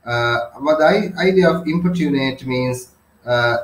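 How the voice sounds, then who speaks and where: A man's voice: medium pitch, a little slow, faint music behind. A man with a Sri Lankan accent and Sinhala as his first language, tutoring a novel passage with strings of synonyms and constant tag questions. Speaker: English literature tutor. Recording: roomy echo.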